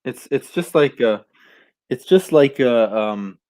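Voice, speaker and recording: A man's voice: mid-range voice, takes it slowly. Guy from germany chatting, rambly, lots of um and like. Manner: relaxed, rambling opinions with fillers. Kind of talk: casual chat.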